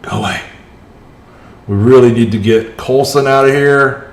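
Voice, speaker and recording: A man's voice: medium pitch, normal speed. A man streaming a mobile strategy game, chatting with his viewers and talking through each move as it happens. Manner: chatty, reacts aloud to the match, chats with viewers. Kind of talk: live gameplay commentary. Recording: roomy echo.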